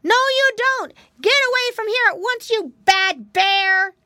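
A woman voicing two small piggy boys in a children's story, squeaky and shrill. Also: expressive, a little slow, sharp tone, dry recording, studio quality, exaggerated voice. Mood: defiant.

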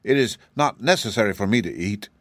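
A man's voice: lowish voice, lively intonation, fairly quick, a bit bright, no echo, studio quality. A man voicing a living wooden sawhorse, earnest and simple, sometimes hesitant. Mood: meek. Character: wooden male sawhorse, proud yet meek.

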